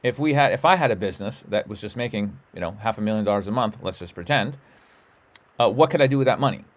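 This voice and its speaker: A man's voice: fairly low pitch, animated, fast. A middle-aged man hosting a livestream, giving a rambling spiritual talk in a loose, profane, emphatic way. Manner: loose, profane and emphatic, frequent "you know what I'm saying".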